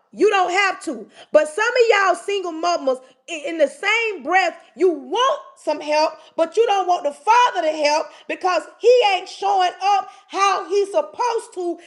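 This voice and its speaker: A woman's voice: extremely high pitch, expressive, measured pace. A woman hosting a livestream, giving an emphatic, preachy motivational talk and calling out straight to her listeners. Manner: emphatic, repetitive, calls out to listeners directly. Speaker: livestream host.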